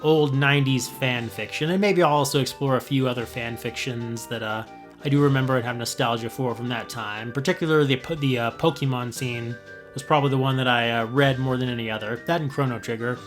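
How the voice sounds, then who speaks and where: A man in his thirties reading aloud and commenting as a video host, halting with many fillers and self-mocking asides. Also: medium pitch, fairly even intonation, faint music behind.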